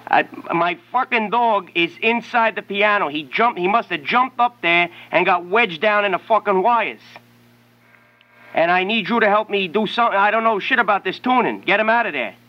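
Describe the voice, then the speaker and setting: A man's voice: high-pitched, moderate pace, voice pushed up, close to an everyday voice. A man putting on a crude, pushy, swearing prank caller on a lo-fi call tape.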